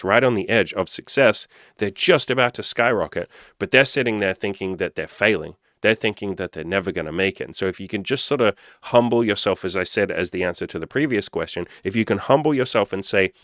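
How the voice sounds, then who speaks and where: Blunt, foul-mouthed male coach, low voice. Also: a little fast, few pauses, a bit bright, no echo, clean studio sound. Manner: blunt, swears freely, acts out quoted people. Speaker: dating and self-improvement coach. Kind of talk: casual motivational Q&A monologue.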